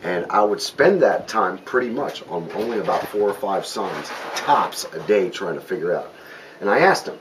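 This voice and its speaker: A man's voice: deep voice, animated, moderate pace. A man in his forties with a Southern US accent, an airboat tour captain telling a story to passengers in a folksy, joking, dramatic way. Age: 40s. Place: outdoors on an airboat in the swamp. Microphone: tourist's camera some distance away. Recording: distant voice with outdoor noise.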